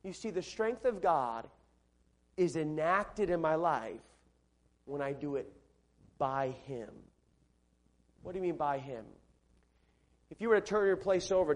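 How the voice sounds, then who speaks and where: A man preaching a sermon in a large church, emphatic, repeating his phrases and swinging between loud and soft delivery. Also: a little high, expressive, moderate pace, long pauses. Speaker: pastor.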